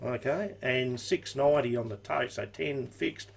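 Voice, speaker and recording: A man's voice: mid-range voice, measured pace, vocal fry, breathy edge. An Australian man giving horse racing tips and odds in an easygoing live-stream chat, full of casual slang. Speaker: racing tipster.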